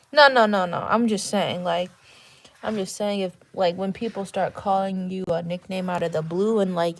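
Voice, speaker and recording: A woman's voice: fairly low pitch, little pitch movement, normal speed, darkish tone. A woman hosting a casual livestream chat from a dim room at home, talking frankly in a rambling way and swearing casually. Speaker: livestream host.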